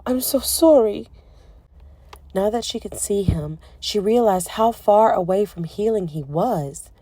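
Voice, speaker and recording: A woman narrating a romance audiobook in a soft, emotive storytelling manner. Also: mid-range voice, breathy edge, no room sound. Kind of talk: scripted narration.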